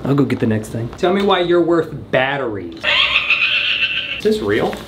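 A man's voice: medium pitch, big pitch swings, normal speed, heavy background noise. A man hosting a comedic product-review vlog, sarcastically roasting cheap props with bursts of laughter. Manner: bursts of laughter and startled yelps.

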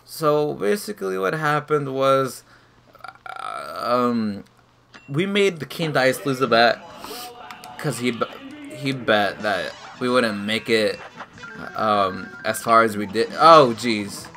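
An excitable man talks through a video game, with a very animated, swooping voice and an unhurried pace. He mutters and groans as he plays, and faint game music runs behind him. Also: mid-range voice, gravelly. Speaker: gaming YouTuber. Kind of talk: let's play commentary.

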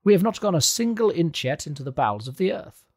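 A man voicing a confident, excitable older male professor who lectures emphatically in a storybook reading. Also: a little high, fast talker, breathy edge, pitched above the performer's own voice, full character voice. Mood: insistent.

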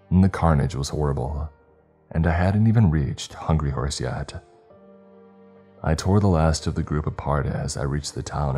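A man narrating a horror story in a grim, even, scripted manner. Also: very deep voice, husky. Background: faint background music.

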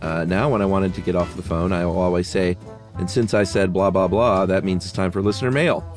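Very deep-voiced laid-back man. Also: steady tone, a little fast, soft background music. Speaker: podcast co-host reading listener mail. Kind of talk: casual conversational podcast.

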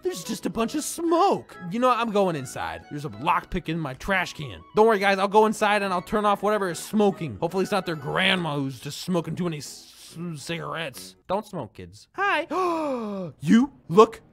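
Giggly, high-voiced young man gaming. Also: moderate pace, hardly any pauses, soft background music. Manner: giggly, excitable, animated. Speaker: gaming YouTuber. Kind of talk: playful game commentary.

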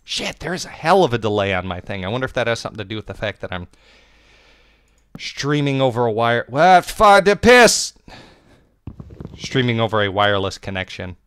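Guy streaming from home, joking and cussing, smooth low-ish voice. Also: lively intonation, fast, dry recording, clean studio sound. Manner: playful, swears, coos baby talk. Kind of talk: casual live-stream chat.

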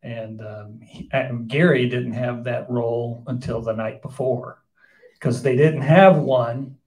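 A man's voice: mid-range voice, fairly even intonation, slow pace, darkish tone, poor audio. A man from the cast telling amused anecdotes at a live Q&A. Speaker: cast member. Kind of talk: live audience Q&A.

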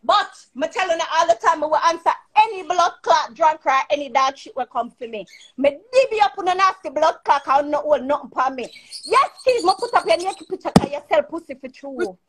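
A woman's voice: sits high, lively intonation, fairly quick, fairly bright tone. A woman, arguing and cursing on a live stream, boastful and confrontational. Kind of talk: heated live-stream argument. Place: at home in the UK.

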